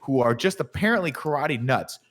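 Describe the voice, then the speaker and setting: A man co-hosting a podcast, retelling a movie plot in an animated, profane, casual way. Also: mid-range voice, fairly quick. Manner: animated, profane storytelling with acted-out quotes. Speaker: podcast co-host. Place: studio.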